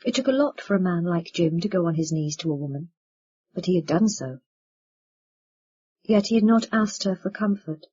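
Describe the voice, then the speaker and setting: A woman narrating a novel as an audiobook, reading in a measured, expressive way. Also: fairly low pitch, breathy edge. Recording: dull lo-fi recording.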